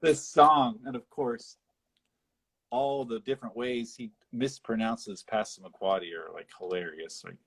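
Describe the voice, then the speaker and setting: A man co-hosting a casual podcast, recapping a film in a rambling, animated way with frequent laughter. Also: mid-range voice, a little slow, breathy edge. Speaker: podcast co-host. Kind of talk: casual film discussion chat.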